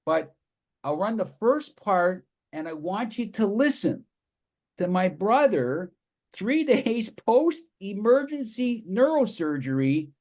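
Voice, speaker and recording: A man giving a live presentation to an audience, telling stories with enthusiastic, animated energy. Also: high voice.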